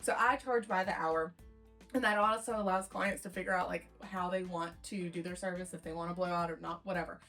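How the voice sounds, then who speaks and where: A young woman hairstylist rambles through a chatty storytime about a client, acting out the quotes in lively voices. She speaks briskly in a lowish voice, with soft background music.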